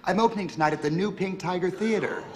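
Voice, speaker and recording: An actor playing a polite, gracious stage performer, speaking in a soft, well-mannered way in 1970s sitcom style. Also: male voice, high-pitched, fast, close to an everyday voice. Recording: old TV tape with loud audience laughter.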